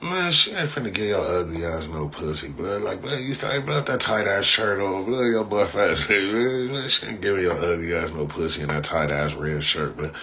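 A low-pitched man, talking in a loose, profane live-stream ramble. His voice is forceful and mocks freely, with a faint hiss behind it. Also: expressive, moderate pace, hardly any pauses. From Los Angeles. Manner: profane, mocking, rambling storyteller. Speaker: livestreamer. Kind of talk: casual live-stream chat.

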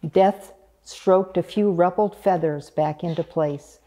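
A woman reading a picture book aloud in a gentle, unhurried way. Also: fairly low pitch. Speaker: storyteller.

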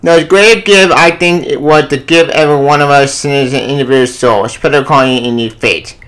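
A man reading the part of a gentle aging farmer father counseling his son, in a slow, earnest, homespun way. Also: medium pitch, natural voice, rough recording.

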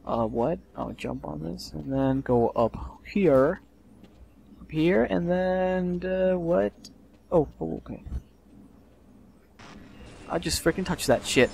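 A young man giving casual let's play commentary, swearing and yelling in frustration as he plays. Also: fairly high pitch, slow pace, creaky, long pauses, husky.

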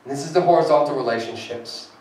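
A pastor preaches a sermon in a church sanctuary, earnest and building to emphatic peaks as he reads scripture aloud. His voice is on the high side, a little mellow, and fast. It's recorded from far off in an echoey hall.

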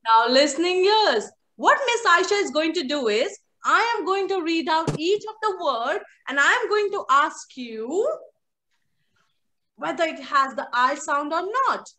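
A woman with a high voice leads young kids through an online phonics lesson by video call, speaking a little slowly. She encourages them with lively, sing-song prompts.

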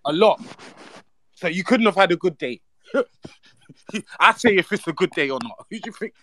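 A man's voice: high-pitched, lively intonation, normal speed, a bit bright. A man co-hosting a casual banter show, roasting a guest with mocking insults. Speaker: co-host.

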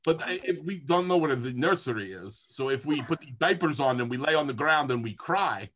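A jokey, excitable player talking through a tabletop game. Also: medium pitch, fairly quick, a crowd in the background. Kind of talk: casual tabletop game play.

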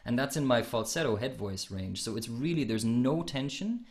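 A man's voice: mid-range voice, animated, normal speed, a little mellow. A man hosting a podcast and coaching singing technique, explaining at length with frequent restarts and sung demonstrations. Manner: explanatory, many restarts, demonstrates vocal sounds. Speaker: podcast host and voice teacher.

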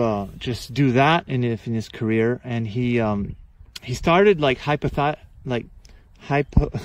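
A man's voice: mid-range voice, dry recording. A man from Quebec with a Quebecois French accent, hosting a casual explainer on soil and gardening, chatty and full of ums and restarts. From Quebec, Canada. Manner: chatty, many fillers and restarts. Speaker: gardening channel host.

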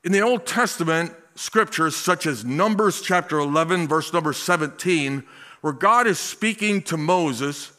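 Male pastor, sermon; bright, somewhat high voice; slow emphatic delivery, folksy chuckling asides.

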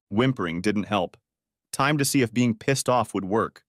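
Expressive male audiobook narrator. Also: lowish voice, normal speed, no room sound, studio quality. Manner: expressive, dramatic. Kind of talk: first-person story audiobook narration.

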